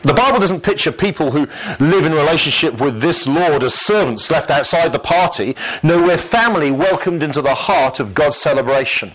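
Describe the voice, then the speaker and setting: Lively man preaching a sermon. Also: fairly high pitch, normal speed, few pauses, poor audio. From Lancashire, England. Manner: lively, conversational preaching with rhetorical questions and light humour.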